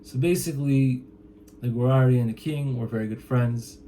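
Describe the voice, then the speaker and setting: A man's voice: medium pitch, normal speed, mellow, slight background noise. A man casually retelling a traditional story from memory, chatty and loose, with lots of fillers and "he's like" quotes. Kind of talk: casual spoken retelling of a folk tale.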